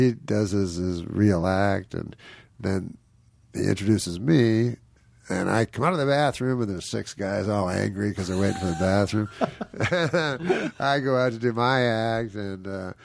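A comedian guest tells rambling anecdotes in a lowish, creaky voice at a measured pace, with no room sound. He chuckles often and acts out the people he quotes.

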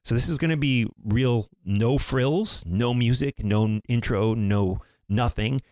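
A man hosting a podcast, chatting casually and quietly at home, rambling and restarting his sentences. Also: medium pitch, slow, dry recording, clean studio sound. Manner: rambling, self-interrupting. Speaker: podcast host. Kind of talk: casual chat.

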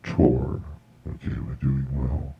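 A man imitating a deep-voiced, gruff male comedy club doorman, with a deadpan, insulting manner. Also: slow pace, dry recording, dull audio, exaggerated voice. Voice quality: deep, gravelly.

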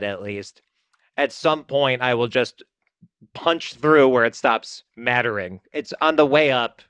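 A man's voice: mid-range voice, fairly bright tone, no room sound. Filmmaker guy rambling in an interview, joking at himself, dry close mic. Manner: chatty, self-deprecating, quick asides. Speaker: filmmaker guest. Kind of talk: casual interview talk.

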